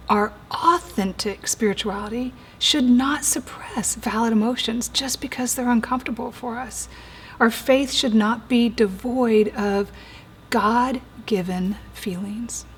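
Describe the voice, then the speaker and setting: An earnest woman teaches in a somewhat high, husky voice. She slows down and sinks to a hushed whisper to stress a point. She sounds like a therapist explaining ideas calmly to listeners. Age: 40s or older. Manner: earnest, slows and drops to a soft whisper for emphasis. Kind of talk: teaching talk.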